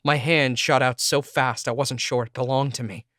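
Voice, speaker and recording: A man's voice: mid-range voice, fairly even intonation, moderate pace, a bit bright, no echo. A man reading a first-person audiobook in an intense, emotional way, close to the mic. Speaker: audiobook narrator. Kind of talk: scripted first-person narration.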